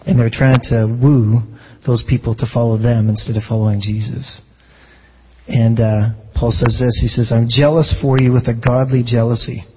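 A man's voice: mid-range voice, little pitch movement, moderate pace, lo-fi sound, a little hiss or hum. A man preaching a sermon as a pastor in a conversational way, often restarting phrases and asking rhetorical questions.

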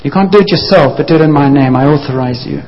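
This preacher has a voice on the high side and talks fast, narrating a vivid story in his sermon and quickly acting out what the disciples say. Long hall reverb surrounds a dull-sounding recording.

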